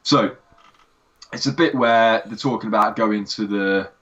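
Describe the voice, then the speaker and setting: A man co-hosting a casual podcast review. He talks in an animated way and laughs while retelling funny scenes. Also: on the low side, unhurried. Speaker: podcast co-host. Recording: dull lo-fi sound.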